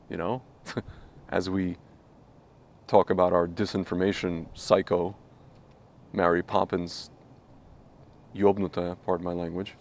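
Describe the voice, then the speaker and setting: A man's voice: sits low, level tone, measured pace, long pauses, darkish tone. Rambling man in casual podcast chat. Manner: rambling, lots of fillers and restarts; does mocking voices when quoting people. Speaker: podcast co-host.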